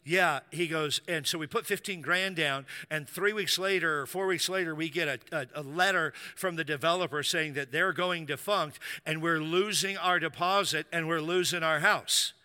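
A man preaching a sermon in a church, telling a story with lively acted-out quotes. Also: fairly high pitch, moderate pace, few pauses, smooth, long reverb tail. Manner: animated storytelling, acting out quoted voices. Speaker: pastor.

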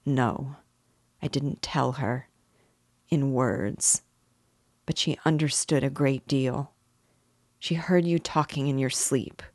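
A woman's voice: a bass voice, slow, long pauses, no echo, clean studio sound, full character voice. A woman reading the lines of a tormented, proud young man in a novel, brooding and at times furious. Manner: brooding, bursts into fury.

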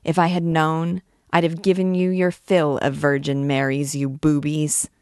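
A man's voice: fairly high pitch, monotone, unhurried, a little mellow, clear, resonant tone, no room sound, clean studio sound. A woman voicing a vain, frustrated male poet who grumbles and complains in an exasperated way. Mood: grumbling.

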